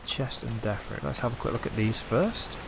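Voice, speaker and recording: A man's voice: mid-range voice, moderate pace, gravelly, background noise. A man casually commentating his own gameplay, joking and talking back to the characters on screen. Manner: jokey, talks back to the characters. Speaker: let's-play gamer.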